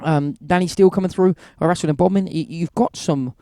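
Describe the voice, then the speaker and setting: A man's voice: on the high side, fairly quick, warm tone, dry recording, studio quality. A man talking as a guest in a casual interview, rambling and enthusiastic, full of restarts. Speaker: wrestling promoter, guest.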